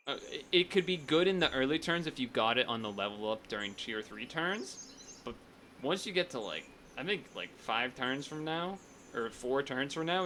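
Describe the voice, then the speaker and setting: A man's voice: medium pitch, pushed and bright, slight background noise. A man streaming a strategy game, chatting casually and thinking aloud, often restarting his sentences. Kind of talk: casual gameplay commentary.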